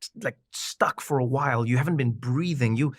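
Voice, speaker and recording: A man's voice: medium pitch, normal speed, no echo. Guy on a podcast telling stories, does the voices, dry sound. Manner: animated storyteller, acts out quoted voices. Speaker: podcast guest. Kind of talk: casual conversation.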